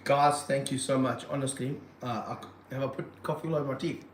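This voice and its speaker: A man running a casual livestream from his reptile room, excitable and jokey, full of slang. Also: medium pitch, a little fast, reverberant, a little hiss or hum, poor audio. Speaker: reptile park owner and streamer.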